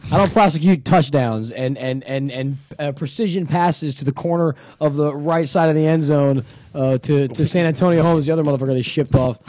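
A man's voice: on the high side, darkish tone, dry recording. A man co-hosting a podcast in casual chat, joking and swearing. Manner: quick, joking, profane. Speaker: podcast co-host.

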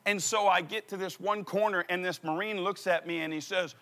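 A man preaching a sermon through an animated, comic personal story. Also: sits high, brisk.

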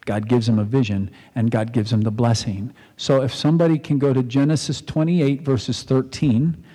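A man's voice: mid-range voice, steady tone, normal speed, warm tone, breathy edge. Man preaching casually in a reverberant hall. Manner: conversational storytelling, acts out quotes. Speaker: pastor. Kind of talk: sermon. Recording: long reverb in a large hall.

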